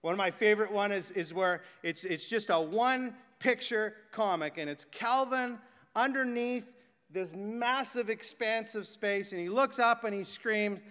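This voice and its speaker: A man delivers a sermon in a high, bright voice that carries a long reverb through a large church hall. He moves between eager, animated talk and quiet, slowed-down reverence. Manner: swings from excited, animated talk to hushed, slow reverent delivery. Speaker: pastor.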